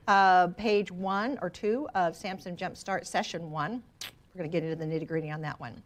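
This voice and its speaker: A woman's voice: medium pitch, a bit bright. A woman real estate trainer leading a workshop for a live class, teasing her students with playful asides. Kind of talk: workshop presentation. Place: training room with a live audience.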